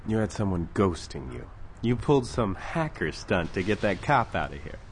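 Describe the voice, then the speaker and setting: Brief: actor voicing a menacing crime boss, very low voice, calm and wry, faint room hiss. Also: male voice, normal speed. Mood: smooth. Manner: calm, wry, quietly threatening. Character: menacing male crime boss, smooth and threatening. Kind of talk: audio drama acting.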